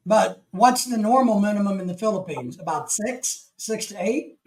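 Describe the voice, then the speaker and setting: A man's voice: sits high, expressive, moderate pace, poor audio. A man from the United States hosting a casual live stream, rambling through opinions and reading chat comments aloud.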